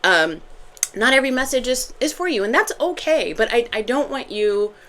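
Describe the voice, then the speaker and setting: A woman's voice: on the high side, animated, normal speed, fairly bright tone. A woman giving a casual, chatty tarot reading to her viewers, rambling with self-corrections and bursts of laughter. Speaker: tarot reader.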